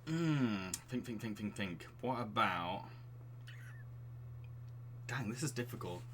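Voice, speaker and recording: A man's voice: fairly low pitch, expressive, takes it slowly, noisy background. A man from England streaming a dating game, giggling and reading the story aloud. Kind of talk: let's play commentary.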